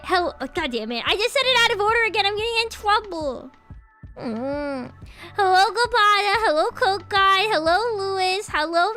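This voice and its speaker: Bubbly high-voiced woman streamer. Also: pushed and bright. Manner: bubbly, giggly, playful, quick to tease chat. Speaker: live streamer. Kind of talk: casual live-stream chat greeting viewers. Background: faint background music.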